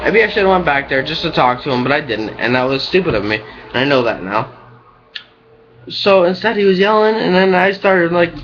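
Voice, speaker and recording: A man's voice: fairly high pitch, lively intonation, normal speed, fairly bright tone. Young man venting on dull webcam audio. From United States. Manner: rambling, frustrated, heavy on "like" and "you know". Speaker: restaurant cook. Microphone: webcam mic.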